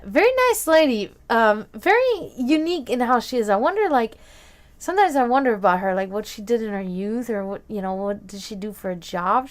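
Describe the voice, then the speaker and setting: A woman's voice: fairly high pitch, clear, resonant tone. A woman telling casual stories on a stream in a loose, chatty way, swearing freely and laughing often. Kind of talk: casual storytelling chat.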